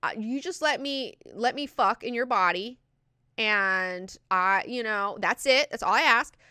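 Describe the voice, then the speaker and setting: A woman's voice: a little high, a little slow, sharp tone, clear, resonant tone, no room sound, studio quality, pitched above the performer's own voice. A woman voicing an old male villain, a scheming ghost grandfather who bargains in a wheedling tone.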